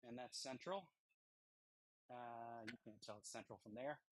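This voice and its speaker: A man hosting a live stream from his smithy, chatting casually and rambling with pauses and fillers while he works on a blade. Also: mid-range voice, noisy background. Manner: rambling, thinking aloud between tasks, halting with fillers. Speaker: blacksmith livestream host. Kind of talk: casual chat while forging. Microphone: wireless transmitter mic.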